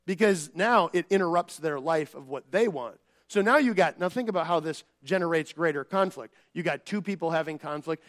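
Male pastor, fairly high voice, conversational sermon delivery, acts out quarrels. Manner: animated, acts out quoted family arguments; conversational with filler words and restarts.

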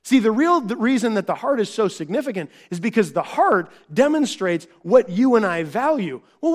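Man, pastor, sermon, high-pitched voice, conversational, rhetorical questions, acts out quotes loudly.

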